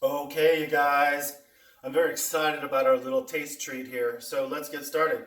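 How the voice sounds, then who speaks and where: A man's voice: fairly high pitch, flat delivery, moderate pace, a bit bright. A man hosting a casual snack taste-test vlog, chatting to his viewers as he eats. He often talks with his mouth full. His voice sounds roomy and a little distant, with plenty of echo around it. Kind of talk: casual food review vlog. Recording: echoey room, mic at a distance.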